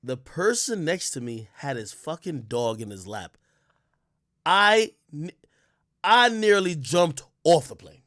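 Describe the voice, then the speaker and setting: A man from Jamaica rants on his livestream in a casual, profane way, and his voice leaps around with lively, expressive swings. He sits a little high for a man and jumps from loud outbursts to low mutters. The sound is close and dry, with no room around it. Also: a little slow, no echo. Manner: swears often. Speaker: livestream host.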